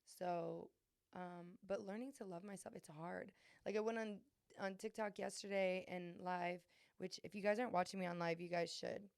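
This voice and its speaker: A woman's voice: lowish voice, fairly even intonation, moderate pace, vocal fry, a little mellow, clean tone, no echo, clean studio sound. A young adult woman hosting a podcast, talking candidly and earnestly about her struggles, with many fillers and restarts. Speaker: podcast host. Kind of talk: candid confessional chat.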